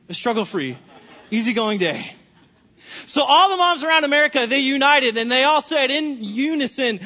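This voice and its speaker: Man preaching with bright high voice. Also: husky. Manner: animated storytelling, humorous asides. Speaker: pastor. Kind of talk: sermon. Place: church sanctuary. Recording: reverberant hall, dull lo-fi sound.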